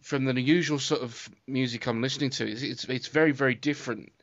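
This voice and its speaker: A man's voice: mid-range voice, fairly even intonation, fairly bright tone, dry recording, dull audio. Hesitant British male interviewer. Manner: hesitant, halting questions. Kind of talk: casual interview.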